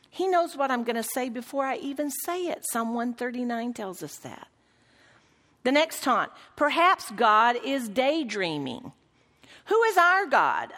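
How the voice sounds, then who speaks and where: A woman's voice: a little high, a bit bright. A woman teaching a Bible lesson to a group, asking questions and reading quotations aloud in an earnest way. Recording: long reverb of a large room.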